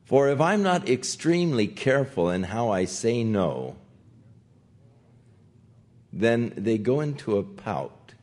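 Older male pastor, conversational Bible teacher, animated pitch, gentle and unhurried. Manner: gentle conversational teaching, acting out quotes softly.

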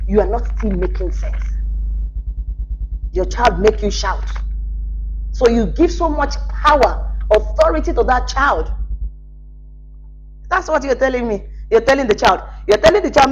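A woman coaching parents in a direct, firm way, mixing scolding with reassurance and quick laughs. Her voice sits a little high, with a faint hum underneath. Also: expressive, muffled recording. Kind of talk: spoken parenting lesson.

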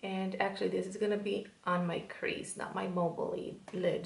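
Beauty vlogger, woman, Spanish accent, chatty step-by-step tutorial voice-over, gravelly edges. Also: medium pitch, flat delivery, normal speed, roomy sound, a little hiss or hum.

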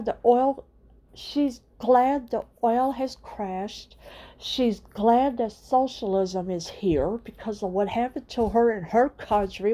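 A middle-aged woman rants straight at her audience. She speaks slowly and deliberately, her voice sitting a touch high. She hammers one indignant question after another. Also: warm tone. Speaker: channel host. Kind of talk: political rant to camera.

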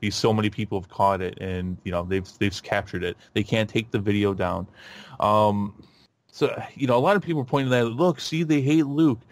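A man hosting a podcast in a casual chat, rambling with lots of fillers and restarts and getting animated. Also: on the low side, fairly quick, dry recording. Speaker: podcast host.

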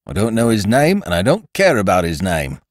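A man voicing a stolid, severe male village constable who speaks bluntly and gruffly. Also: mid-range voice, huge pitch swings, unhurried, no room sound, studio quality, voice pushed up. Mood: stern.

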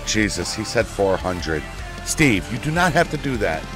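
A man chatting casually with viewers while he streams a racing game, excitable and prone to sudden shouts into his desk microphone. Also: fairly low pitch, normal speed, music in the background. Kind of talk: casual live-stream chat.

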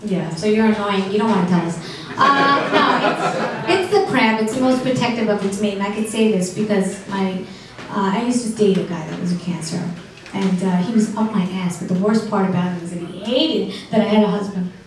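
A middle-aged woman doing a stand-up comedy set with dry, deadpan delivery and audience banter. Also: medium pitch, fairly quick. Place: comedy club stage. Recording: echoey club room from far off, noisy.

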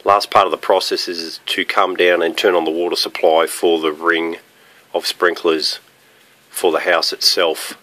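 A man walking around his rural property outdoors, explaining his fire sprinkler system in a plain, practical, matter-of-fact way with pauses. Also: sits low, little pitch movement, pushed and bright. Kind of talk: casual walkthrough narration. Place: outdoors on a rural property near a running pump.

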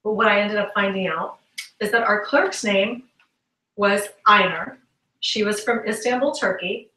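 Speaking at an unhurried pace in a medium pitch, a woman who works as a sales trainer gives an upbeat motivational talk as a guest speaker, playing out little dialogues as she tells her stories. Her tone is bright and sharp, picked up from a distance in a room full of echo.

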